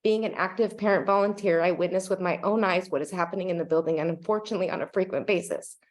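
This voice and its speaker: Tearful woman reading a public comment quickly. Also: lowish voice. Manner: earnest and urgent. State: near tears, watery-eyed. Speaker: parent giving public comment. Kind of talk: read public comment at a board meeting. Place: public meeting room.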